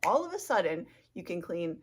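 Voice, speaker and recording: A woman's voice: fairly low pitch, sing-song, brisk, slight background noise. A woman vlogger chatting casually outdoors, rambling, giggling and tripping over her words. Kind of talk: rambling casual vlog talk.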